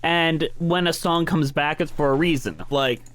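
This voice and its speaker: A man's voice: a little high, unhurried, a bit bright. A man co-hosting a casual podcast about musicals, enthusiastic and casually swearing. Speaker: podcast co-host.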